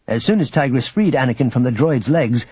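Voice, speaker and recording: Male audiobook narrator; even, measured reading, husky voice, lo-fi recording. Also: mid-range voice, dry recording. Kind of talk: scripted narration.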